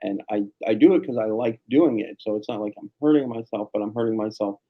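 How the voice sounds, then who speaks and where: A man chatting casually on a family vlog, telling animated stories with casual swearing. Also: lowish voice, fast, phone-quality sound. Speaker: vlogger, family channel dad. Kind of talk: casual chat.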